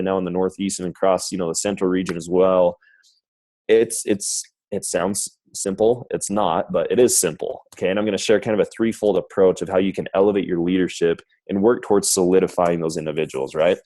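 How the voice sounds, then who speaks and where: A man's voice: deep voice, warm tone, no echo, rough recording. A man, a corporate sales manager, giving an upbeat, rambling presentation on a conference call. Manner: upbeat, rambling, says guys and right often. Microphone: phone line.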